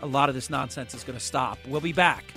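A man's voice: medium pitch, fast talker, sharp tone, faint music behind. A man filling in as a radio talk show host, giving emphatic, opinionated commentary and speaking straight to callers.

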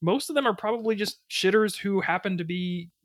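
A man's voice: high voice, fairly quick, dry recording, clean studio sound. A man co-hosting a podcast in casual chat, emphatic and jokey, swearing freely. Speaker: podcast co-host.

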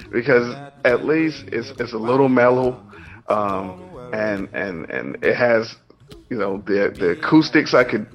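A man answering an interview question in a halting, self-correcting way. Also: mid-range voice. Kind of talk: casual street interview answer. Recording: dull lo-fi recording, faint music.

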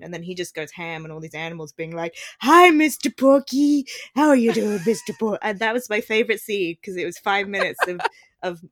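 A woman's voice: fairly low pitch, no echo. A woman guest critic in casual podcast chat, giggling often and acting out characters' lines as she recaps a series.

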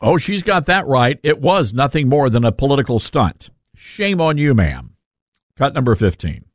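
A man's voice: medium pitch, very animated, moderate pace, background noise. A man hosting a talk radio show, joking and self-mocking as he talks. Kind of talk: casual talk radio monologue.

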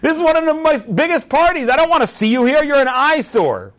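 A man voicing a wealthy party host who yells scornfully at an unwanted guest. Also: extremely high pitch, big pitch swings, brisk, voice pushed up, heavily acted. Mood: angry, contemptuous. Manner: yelling, scornful.

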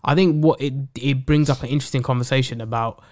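A man's voice: mid-range voice, steady tone, quick pace, a little mellow. A man, chatting bluntly in slang as a co-host of a casual football podcast, with many restarts.

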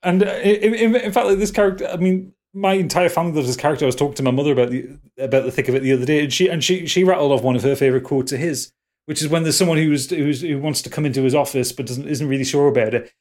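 A man with a Geordie accent talks casually on a podcast. His voice sits a touch high, and he rambles through his points with plenty of ums, false starts and cheerful swearing. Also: steady tone, racing, a little mellow. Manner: rambling, full of ums and restarts, swears freely. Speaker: podcast co-host.

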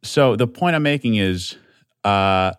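A man hosting a solo podcast, rambling and swearing freely, self-deprecating, swinging between loud outbursts and low mumbling. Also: animated, a little slow, smooth, no echo, studio quality. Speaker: podcast host.

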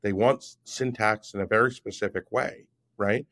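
A man's voice: on the low side, normal speed, fairly bright tone. A man in his fifties, a guest on an interview show, explaining at length in an emphatic way and often checking in with "right?". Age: 50s. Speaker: guest, app founder. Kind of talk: podcast interview.

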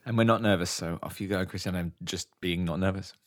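A man co-hosting a podcast in casual chat, teasing the others with quick, joking banter. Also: low-pitched, steady tone. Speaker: podcast co-host.

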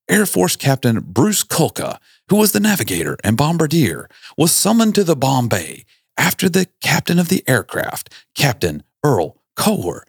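A man's voice: medium pitch, vocal fry, husky, no room sound, studio quality, voice pushed up, full character voice. A man putting on a stiff, formal TV newscaster voice for a mock-formal reading.

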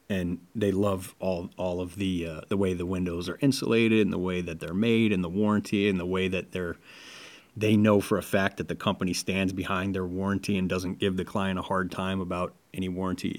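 A man co-hosting a casual sales-training podcast, who talks animatedly and acts out sales pitches. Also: flat delivery, moderate pace. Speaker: podcast co-host.

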